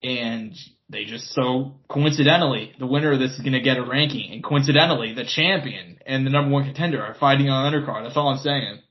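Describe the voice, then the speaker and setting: A man's voice: mid-range voice, fast, few pauses. Guy cohosting a podcast, casual, swears a lot, kinda muffled lo-fi audio. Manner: casual, swears often, repeats words while thinking. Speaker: podcast co-host. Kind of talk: casual chat about boxing.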